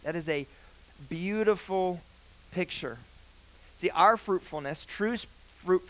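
A young man preaching a sermon, earnest, with loud emphatic phrases that drop to quiet, hushed lines. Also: a little high, rough recording.

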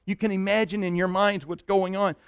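A man preaching a sermon, telling a Bible story with lively energy, dropping to a hush at tender moments and often repeating words as he goes. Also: high-pitched, brisk, clear, resonant tone, dry recording, studio quality. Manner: repeats words and restarts while thinking aloud. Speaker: pastor.

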